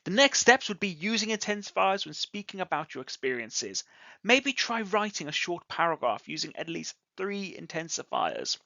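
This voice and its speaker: A teacher giving an English grammar lesson, speaking slowly and enunciating clearly. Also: medium pitch, big pitch swings, bright, forceful tone, no room sound, highs cut off.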